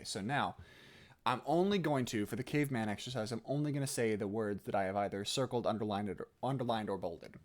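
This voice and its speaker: A man's voice: lowish voice, brisk. A man teaching an acting class in a recorded lesson, explaining patiently step by step over a screen recording. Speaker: theatre teacher.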